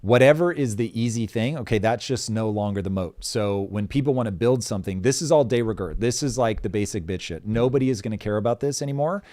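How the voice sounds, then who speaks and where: A man's voice: on the low side, fast talker, hardly any pauses, dark tone, no room sound, clean studio sound. A man hosting a live stream, reading headlines and chatting with energy, swearing and restarting his sentences. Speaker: host. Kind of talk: live-stream news chat.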